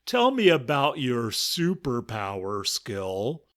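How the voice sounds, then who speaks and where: A man's voice: medium pitch, huge pitch swings, takes it slowly, heavily acted. A man doing a big mocking arrogant lion. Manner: loud, mocking, laughing.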